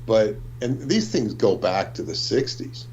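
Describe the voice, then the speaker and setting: A male livestream co-host with a low voice, who speaks very slowly and deliberately. His audio comes through dull and lo-fi, with a faint hum behind it. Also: sing-song, darkish tone. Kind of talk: livestream discussion.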